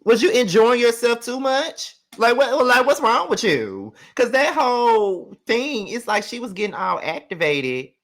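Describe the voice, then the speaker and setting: A man hosting a casual reality show recap, ranting in an animated, profane and sassy way. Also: extremely high pitch, measured pace, hardly any pauses. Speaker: host.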